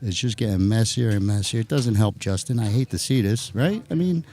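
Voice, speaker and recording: A man's voice: lowish voice, fairly quick. A man with a New Jersey accent giving chatty, joking live commentary on a pool match. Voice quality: animated, jokey, chatty.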